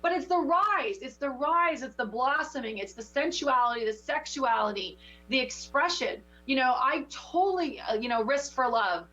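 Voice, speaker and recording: A woman with a fairly high voice coaches someone through a card reading, talking with passion and a preacher's push. The sound is dull and lo-fi, like local TV audio. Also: animated, moderate pace, a bit bright. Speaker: spiritual teacher giving oracle card readings. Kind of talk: intuitive coaching chat.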